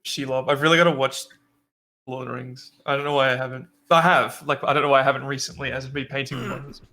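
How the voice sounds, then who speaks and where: A man's voice: medium pitch, steady tone, fast, pushed and bright. A man with an Australian accent in a casual, jokey chat, laughing often. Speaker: guest.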